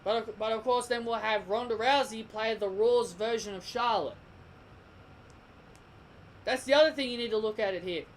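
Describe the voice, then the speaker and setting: A man's voice: sits high, slight background noise, low-quality recording. A young man giving a heated, opinionated commentary rant as a vlogger, repeating himself and restarting sentences. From Australia. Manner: heated, repetitive, stumbling restarts. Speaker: wrestling vlogger.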